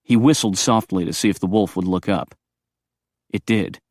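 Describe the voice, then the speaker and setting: A man reading audiobook narration in a brisk, expressive storytelling manner. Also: sits low, no room sound, studio quality.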